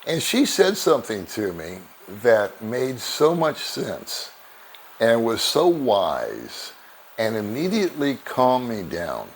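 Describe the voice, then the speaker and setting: An older man vlogging, telling relaxed, rambling anecdotes to the camera and chuckling now and then. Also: mid-range voice, slow, a little hiss or hum. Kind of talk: casual storytelling to camera.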